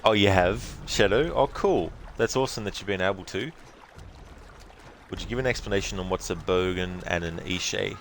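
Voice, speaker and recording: An Australian man streaming a video game, chatting casually with viewers in a relaxed, rambling way and laughing easily. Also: sits low, normal speed, slight background noise.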